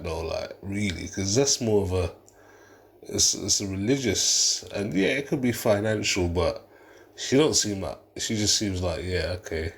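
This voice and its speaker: A man with a low, slightly husky voice rambles through a reaction commentary. He talks in fits and starts, swearing casually and laughing at what he describes. It sounds unpolished and conversational. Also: unhurried. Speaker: reaction vlogger.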